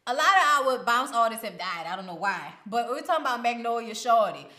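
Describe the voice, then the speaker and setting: A woman's voice: on the high side, animated, brisk, reverberant, a crowd in the background. A woman co-hosting a podcast, blunt, sassy and profane in casual chat. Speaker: podcast co-host.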